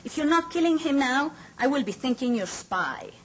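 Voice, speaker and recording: A woman's voice: sits high, sing-song, normal speed, pitched above the performer's own voice. A woman reading aloud a brutal male militia commander's words, harsh and barking commands at a child. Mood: harsh, commanding.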